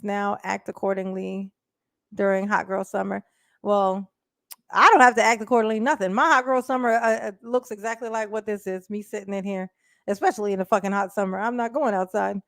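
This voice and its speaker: A woman doing casual live-stream commentary, blunt and profane, chatting directly with her viewers and breaking into quick laughs. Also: medium pitch, gravelly, dry recording, clean studio sound. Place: indoors at home.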